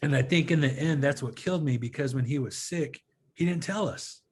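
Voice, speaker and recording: A man's voice: medium pitch, fairly quick, slightly rough. Man telling a story with quoted dialogue. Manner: animated retelling with quoted dialogue, earnest. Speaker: guest filmmaker. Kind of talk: casual storytelling interview.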